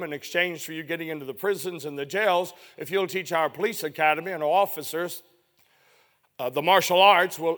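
A man preaching a sermon, telling a story that climbs to loud emotional peaks and then falls low and hushed.

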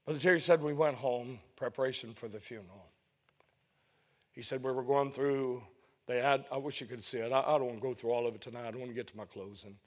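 A man preaching a sermon, telling a story that climbs to loud emotional peaks and then falls low and hushed. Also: fairly even intonation, fast talker.

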